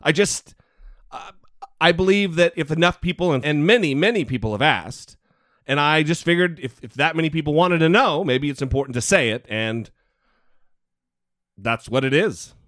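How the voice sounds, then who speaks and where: Lively-voiced male podcast host. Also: fairly high pitch, normal speed, no room sound, clean studio sound. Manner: chatty, laughs easily, stumbles over words. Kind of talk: casual podcast chat.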